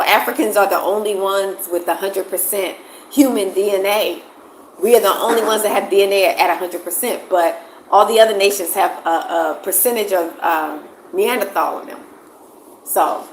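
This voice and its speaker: A woman's voice: mid-range voice, echoey room, slight background noise, poor audio. A woman from the United States chatting casually on a livestream, emphatic and repeating phrases for stress, answering viewers. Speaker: vlogger answering live chat.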